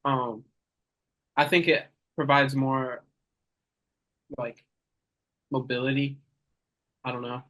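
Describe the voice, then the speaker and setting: A young man with an ordinary, mid-pitched voice gives rambling, hesitant answers. He keeps a straight face and sounds mock-serious the whole time. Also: level tone, takes it slowly, pauses often, fairly bright tone, lo-fi sound. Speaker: interviewee. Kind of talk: deadpan mock interview.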